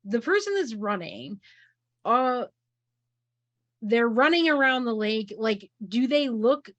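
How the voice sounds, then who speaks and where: A woman's voice: a little high, animated, slow, fairly bright tone, dry recording, dull audio. A woman playing a tabletop role-playing game, chatting and asking the storyteller questions. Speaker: player. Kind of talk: casual tabletop play.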